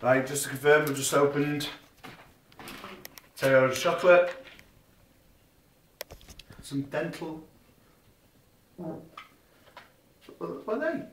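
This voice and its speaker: A man's voice: fairly high pitch, takes it slowly, pauses often, roomy sound, a little hiss or hum. Man teasing on a family home video. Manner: teasing, swearing, lively. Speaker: son opening presents.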